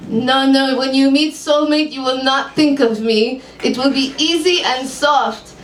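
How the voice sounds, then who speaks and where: A woman's voice: high voice, a little slow, pitched above the performer's own voice. A woman voicing a brusque older female psychic with a put-on Hebrew accent and clipped broken grammar. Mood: stern. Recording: echoey room, far mic, faint hum.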